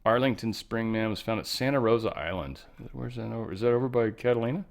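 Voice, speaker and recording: A man's voice: fairly low pitch, quick pace, vocal fry. A man hosting his own show, giving casual news commentary in a rambling, profane, ranting way. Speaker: host.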